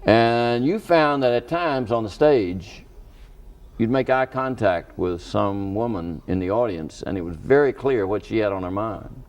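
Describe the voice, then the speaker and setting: A man hosting a TV book interview, speaking deliberately with frequent pauses. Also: on the low side. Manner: deliberate, hesitant with many uh and um. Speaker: TV interviewer and host. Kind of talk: measured TV interview.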